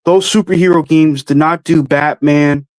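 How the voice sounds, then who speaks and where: A man's voice: a little high, steady tone, normal speed, a little mellow, no room sound. A man hosting a livestream, answering chat questions with blunt, offhand opinions and casual swearing. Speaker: host answering live chat.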